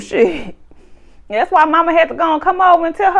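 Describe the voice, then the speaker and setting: A woman, recapping a reality show in casual chat, animated, laughing often and acting out cast members' lines. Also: very high voice, fairly quick, creaky.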